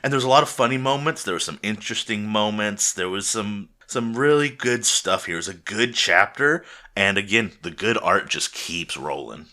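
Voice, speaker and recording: A man hosting a podcast, giving a relaxed, rambling recap of a chapter in casual chat. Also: on the low side, normal speed, few pauses. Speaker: podcast host.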